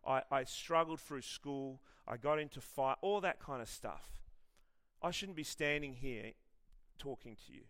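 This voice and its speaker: Preaching in a lively, chatty style, this middle-aged Western Australian pastor tells personal anecdotes and pokes fun at himself. He speaks at a measured pace with a medium-pitched voice.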